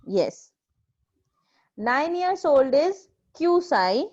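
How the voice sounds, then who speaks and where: A woman's voice: sits high, big pitch swings, drawn-out words, a little mellow. A woman with an Indian accent teaching a Japanese class, patiently drilling pronunciation and repeating each word. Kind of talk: classroom language lesson. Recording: dull lo-fi recording.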